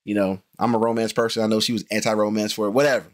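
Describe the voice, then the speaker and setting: A man's voice: fairly low pitch, rapid-fire. Rambling man chatting about a movie. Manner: rambling, frequent restarts and fillers, animated when excited. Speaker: podcast host reviewing a movie. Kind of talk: casual movie review chat.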